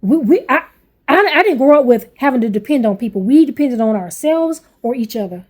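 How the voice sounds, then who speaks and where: Angry, high-voiced woman venting bluntly. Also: lively intonation, brisk, a little mellow. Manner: blunt, heavy swearing, repeats herself. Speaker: parent vlogger.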